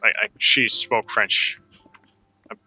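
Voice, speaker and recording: A man's voice: slow, pushed and bright, soft background music. A man playing a game with friends, telling a rambling story in a casual, laid-back way. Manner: rambling, lots of fillers and restarts, laughs. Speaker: co-player.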